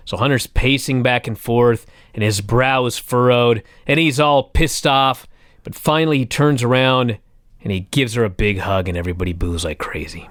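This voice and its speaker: A man co-hosting a casual chat show, retelling events with excitable, profane storytelling. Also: mid-range voice, normal speed, no room sound, clean studio sound. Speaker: podcast co-host recapping wrestling.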